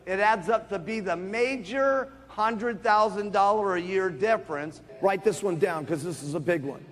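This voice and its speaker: Man, motivational sales seminar, emphatic, repetitive, very high voice, long hall reverb. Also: normal speed, fairly bright tone. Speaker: company founder speaking to distributors.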